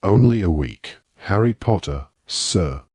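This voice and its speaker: Eager little male house elf, squeaky and servile, forever saying sir, read by a man with a deep husky voice, dry close sound. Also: animated, measured pace, darkish tone, dry recording, exaggerated voice. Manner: squeaky, polite, says sir constantly.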